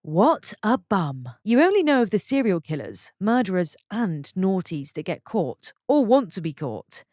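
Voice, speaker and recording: A woman's voice: medium pitch, very animated, moderate pace, mellow, dry recording, studio quality. A woman narrating a string of short posts from an online forum, reading them one after another. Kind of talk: scripted story narration.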